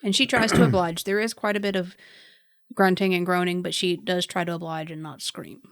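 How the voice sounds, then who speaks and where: A woman narrating a tabletop horror game as game master, casual and relaxed. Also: lowish voice, a little fast, dry recording, studio quality.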